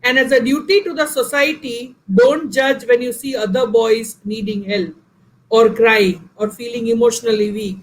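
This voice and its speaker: A woman's voice: fairly high pitch, fairly even intonation, normal speed, poor audio. An Indian woman, a professor and guest speaker, answering questions in an online session in an emphatic, earnest way, speaking directly to her listeners.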